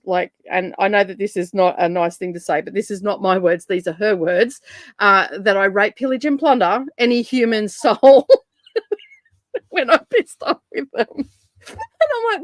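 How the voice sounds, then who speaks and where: A woman's voice: on the high side, expressive, unhurried, no echo. A woman hosting a casual reading stream, chatting in a rambling, sarcastic way and laughing often. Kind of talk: casual chat.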